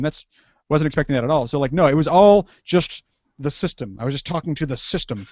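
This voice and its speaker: A man's voice: on the high side, a little fast, darkish tone, no room sound. A young man chatting casually as a podcast guest, rambling and restarting his sentences and laughing often. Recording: dull lo-fi recording.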